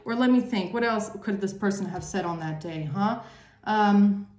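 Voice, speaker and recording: A woman's voice: medium pitch, normal speed, darkish tone, echoey room. A woman giving a tarot reading monologue, emphatic and repetitive, swearing freely. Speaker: tarot reader.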